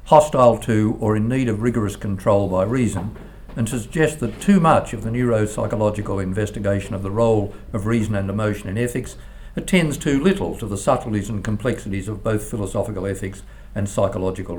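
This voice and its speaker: Older man, philosophy professor, lower voice, formal read lecture, measured, steady. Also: a little hiss or hum. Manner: measured, formal delivery with occasional stumbles. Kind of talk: academic lecture read from a text.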